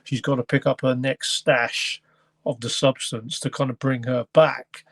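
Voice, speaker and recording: A man's voice: medium pitch, little pitch movement, a little slow, gravelly, breathy edge, dry recording. Male podcast host, mid-range voice, dry sound, rambling hesitant delivery. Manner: rambling, hesitant, stops to search for words. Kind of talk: casual film review chat.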